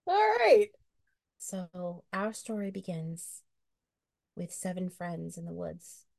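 Chatty, lower-voiced woman co-host. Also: little pitch movement, takes it slowly, vocal fry, darkish tone. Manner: chatty, jokey, with many fillers like "you know". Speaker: podcast co-host. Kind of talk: casual chat and improvised storytelling.

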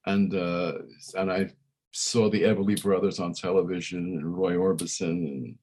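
A man's voice: sits low, fairly even intonation, moderate pace, darkish tone, slightly rough. A man, a musician guest chatting in an interview and rambling with many fillers and restarts. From Brooklyn, New York. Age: 60s. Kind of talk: casual interview chat.

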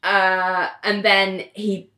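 Animated woman retelling a show, echoey room. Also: mid-range voice. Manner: animated, acts out the characters' lines in quick voices. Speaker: podcast co-host recapping a TV episode. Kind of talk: casual chat.

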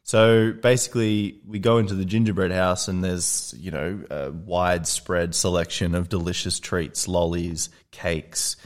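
His low-pitched voice moves at a measured pace with few pauses as he co-hosts a podcast. Telling a story casually, he brings it to life by imitating the people in it.

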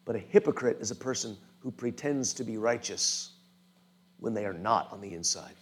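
A man's voice: on the low side, moderate pace, slightly rough. A male pastor preaching a conversational sermon who keeps checking in with his listeners. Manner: informal, often checks in with the listeners.

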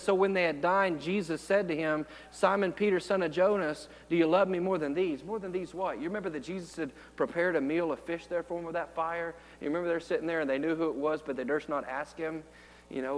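A man preaching a sermon. He asks the listeners rhetorical questions and moves from hushed storytelling to loud, fervent exhortation. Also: high voice, big-room sound, poor audio.

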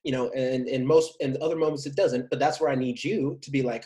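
A man's voice: mid-range voice, fast, darkish tone. Man, podcast co-host, casual chat, jokey, self-mocking.

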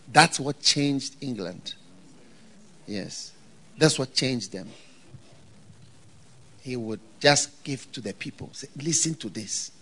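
Man, ghanaian accent, sermon, bright husky voice, excited shouting preacher. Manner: animated preaching, bursts into loud high shouts and laughter. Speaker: bishop preaching to pastors.

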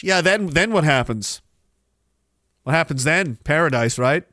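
A man hosting a stream, giving sarcastic, mocking commentary on a video clip and breaking into shouts. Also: on the high side, animated, normal speed, no room sound, studio quality. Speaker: stream host.

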